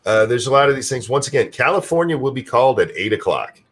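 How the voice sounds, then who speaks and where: A man's voice: mid-range voice, very animated, fast talker, slightly rough. A man from Michigan co-hosting a live stream, talking bluntly and casually and swearing now and then. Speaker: co-host.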